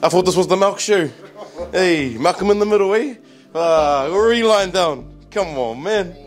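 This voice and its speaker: A man's voice: sits high, expressive, moderate pace. Young kiwi guy filming a trip vlog on his phone, cracking jokes, slangy, music in the background. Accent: New Zealand. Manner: joking, slangy banter with frequent laughs. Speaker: vlogger. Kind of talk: casual travel vlog.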